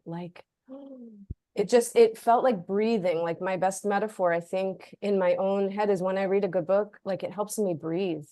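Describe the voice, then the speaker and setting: A woman speaking as a guest author in an easygoing conversation, chatty and full of "like," and she slips into quoted inner voices as she explains. Her voice sits at a middling pitch for a woman. The sound is dry and close, with no room echo. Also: moderate pace, warm tone. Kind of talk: casual conversational discussion.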